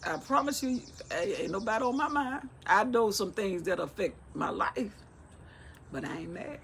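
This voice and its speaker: A woman's voice: mid-range voice, expressive, moderate pace, gravelly, a bit bright, slight background noise. A middle-aged woman reading and explaining the Bible in a casual, talkative way, retelling the scripture in everyday speech. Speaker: Bible teacher.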